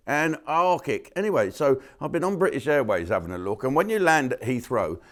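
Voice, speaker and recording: A lowish-voiced man rants as a comedy host, sarcastic and blustering. He swears freely and jabs at his targets from a studio. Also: darkish tone. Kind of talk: comic rant to camera.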